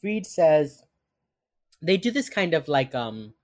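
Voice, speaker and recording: Speaking slowly in a low-pitched voice, this woman co-hosts a laid-back podcast and walks through a TV episode, voicing the characters' lines with animated energy. It's studio-quality audio with no echo.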